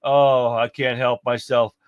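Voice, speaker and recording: A man's voice: mid-range voice, little pitch movement, unhurried, clean tone, dry recording, muffled recording. A man hosting a livestream, chatting in a folksy, exclaiming way as he reacts to clips and talks to viewers. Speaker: livestream host. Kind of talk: casual livestream commentary on clips.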